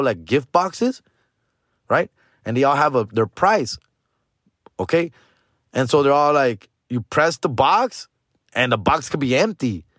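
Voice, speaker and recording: A man's voice: dry recording, studio quality. Slangy man telling a story. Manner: slangy, mixing Spanish into English, animated retelling with jumps to high voice. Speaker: podcast host. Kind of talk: casual storytelling.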